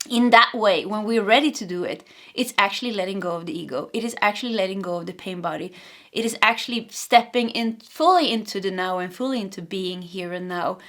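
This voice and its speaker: A young adult woman with a Swedish accent giving a pick-a-card tarot reading, talking fast and energetically and often repeating her phrases. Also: on the high side, fairly bright tone. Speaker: tarot reader.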